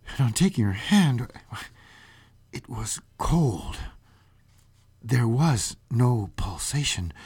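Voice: medium pitch, husky. A radio host giving a dramatic reading of a classic ghost story, with playful spooky asides.

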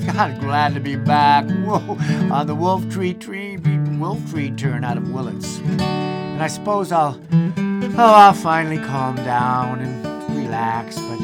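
A man's voice: medium pitch, a little slow. A man hosting a radio show as a train singer, talking in a playful way with whooping train calls. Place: small-town radio studio. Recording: loud guitar music under the voice.

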